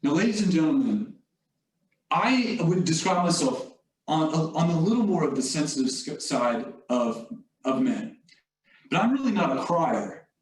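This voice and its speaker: A man giving a motivational leadership talk, telling stories earnestly with light humor. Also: fairly high pitch. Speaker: leadership facilitator. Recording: echoey room, distant mic.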